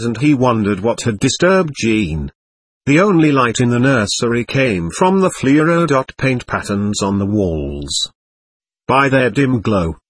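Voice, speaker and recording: A man narrating an audiobook in a measured, expressive storytelling manner, recorded on a close mic. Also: mid-range voice, slightly rough, no room sound. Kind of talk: scripted narration.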